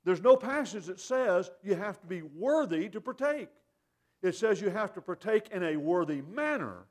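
A man's voice: sits high, very animated, normal speed, darkish tone. A man giving a plainspoken, earnest communion meditation, repeating his points for emphasis. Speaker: lay speaker at communion.

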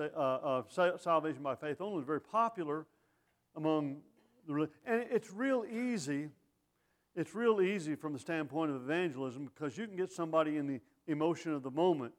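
A middle-aged man preaching a sermon in a folksy, conversational way, full of asides and rhetorical questions. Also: a little high.

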